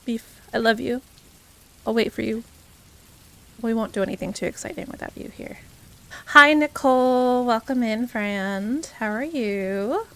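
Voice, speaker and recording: A woman's voice: on the high side, moderate pace. A young woman streaming live, chatting casually and cheerfully with her viewers, greeting them by name and laughing often. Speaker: variety streamer.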